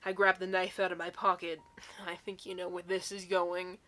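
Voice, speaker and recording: A woman's voice: lowish voice, flat delivery, normal speed, pushed and bright, soft background music. A young woman reading silly fan fiction aloud in a mock-dramatic way, often breaking into giggles.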